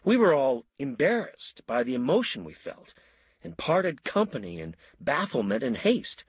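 A middle-aged man reading a short story aloud in a measured, wry storytelling manner. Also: medium pitch, sing-song, slightly rough, dry recording. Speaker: narrator. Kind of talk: audiobook narration of a short story.

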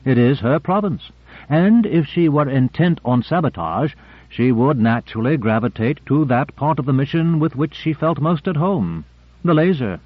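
A man's voice: fairly high pitch, animated, moderate pace, breathy edge, no room sound, pitched above the performer's own voice. A man voicing a shrewd, sardonic man who probes with pointed questions. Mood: sly. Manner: sly, probing, sardonic. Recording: dry narrow phone-like audio.

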